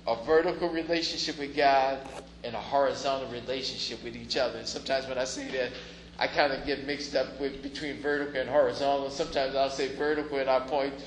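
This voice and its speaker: A man's voice: medium pitch, fairly even intonation, brisk. A man preaching a sermon in a conversational way, now and then rising to emphatic stresses. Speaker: pastor. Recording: echoey room, faint noise.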